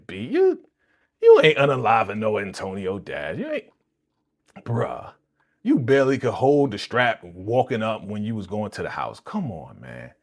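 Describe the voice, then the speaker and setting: A man hosting a live reaction stream, his pitch leaping high and low as he talks. He chats in loose slang and breaks into quick impressions of the characters. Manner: animated and slangy, acting out characters' lines. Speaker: channel host reacting to a TV episode.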